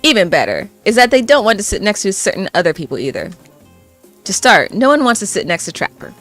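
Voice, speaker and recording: A woman's voice: mid-range voice, a little fast, soft background music. A woman streamer reading a dating game aloud in a playful way. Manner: playful, animated.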